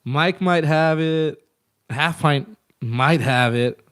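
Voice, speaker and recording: A man's voice: a little high, slow, fairly bright tone, clean tone, no echo, studio quality. A man in his thirties telling band stories in a casual, profane, rambling way as an interview guest. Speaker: guest musician.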